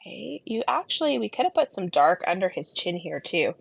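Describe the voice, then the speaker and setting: Gravelly-voiced woman with a lingering cough. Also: on the low side, very animated, brisk, no echo, muffled recording. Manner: talks while colouring, often trailing into soft murmurs. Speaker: card-making instructor. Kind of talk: casual craft tutorial narration.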